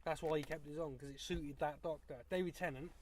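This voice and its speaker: A man's voice: fairly high pitch, steady tone, fairly quick, a crowd in the background. A man co-hosting a podcast, blunt and dismissive, swearing freely in casual opinionated chat. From England. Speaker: podcast co-host.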